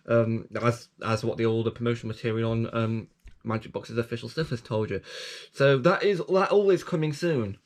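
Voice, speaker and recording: A man talks his way through channel news and app reviews in a loose, rambling vlog. He restarts and corrects himself often and drops in self-mocking asides. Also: mid-range voice. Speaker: channel host.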